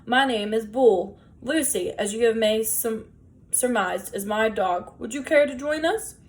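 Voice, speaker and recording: Woman doing a storybook drifter, huge and bearded, courtly, gentle, a bit high. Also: a little slow, lightly acted. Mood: genial.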